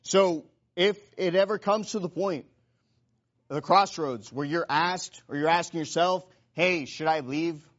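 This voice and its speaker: A man's voice: a little high, a little slow, fairly bright tone. A man preaching a sermon, earnest and repeating rhetorical questions to the congregation. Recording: dull lo-fi recording.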